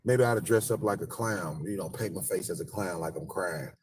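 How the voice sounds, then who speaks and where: A man's voice: low voice, moderate pace, darkish tone, breathy edge. A man hosting a live stream from outdoors, joking crudely and rambling in casual street commentary. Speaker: livestream host. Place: outdoors outside a store.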